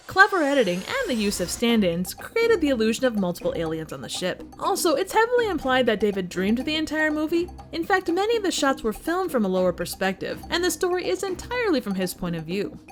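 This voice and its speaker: A woman hosting a movie review channel, reading a scripted review with wry, playful asides. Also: high-pitched.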